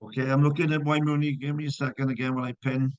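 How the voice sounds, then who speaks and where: A man's voice: medium pitch, little pitch movement, racing, darkish tone, no room sound, dull audio. A man teaching physics in a live online class, checking students' answers with encouragement and working through problems step by step.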